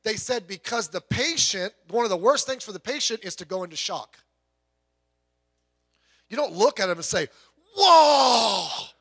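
Middle-aged male preacher, high and bright, casual and joking from the pulpit. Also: expressive, normal speed, pauses often, husky. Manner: folksy, joking, conversational preaching. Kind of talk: sermon.

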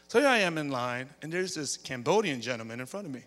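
In a reverberant church hall, a pastor delivers a storytelling sermon from the sanctuary, spinning chatty tales and capping lines with "okay" and "all right." His voice sits fairly high and a bit bright, with a sing-song lilt and a fast delivery. Soft music plays in the background.

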